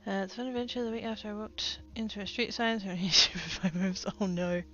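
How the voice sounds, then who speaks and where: Australian woman, casual streamer, bright tense tone, rambly asides, faint music behind. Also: medium pitch, fairly even intonation, a little fast, lo-fi sound. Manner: chatty, rambling, often trailing off into quiet asides. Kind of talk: casual livestream chat while crafting.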